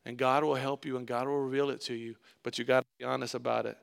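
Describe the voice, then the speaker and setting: Gravelly-voiced man preaching a sermon. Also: medium pitch, little pitch movement, fast talker. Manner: candid storytelling with self-mocking laughs. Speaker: pastor.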